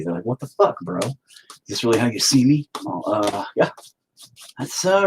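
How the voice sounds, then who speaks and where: A man's voice: medium pitch, sing-song, normal speed, creaky, a little hiss or hum, poor audio. A man chatting casually and crudely while he paints, rambling and joking with lots of swearing. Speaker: painter streaming his work.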